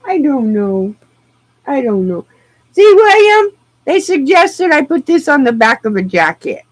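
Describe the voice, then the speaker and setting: A woman streaming live, chatting casually in an excitable, rambling way and laughing easily. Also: fairly high pitch, unhurried, no room sound, poor audio.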